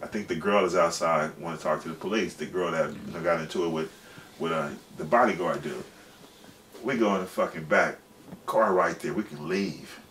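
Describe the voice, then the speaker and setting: A man's voice: low voice, moderate pace, fairly bright tone. A man in his forties, a guest telling a long, rambling story in profane, slangy casual speech. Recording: distant mic with faint background noise.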